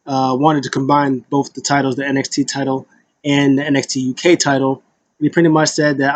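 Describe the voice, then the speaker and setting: A man's voice: medium pitch, level tone, brisk, muffled recording. A man casually recapping a wrestling show, rambling with lots of fillers and briefly paraphrasing the wrestlers.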